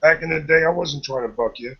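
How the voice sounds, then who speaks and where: A man's voice: a little high, fast talker, a loud crowd. A man co-hosting a casual podcast chat, laid-back and profane, mostly agreeing. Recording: husky, dull lo-fi line.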